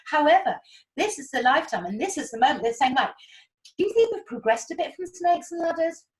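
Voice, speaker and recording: A woman giving animated, chatty spiritual guidance and explaining with homely analogies. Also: high voice, fairly quick, rough recording. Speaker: spiritual guide. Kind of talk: casual spiritual talk.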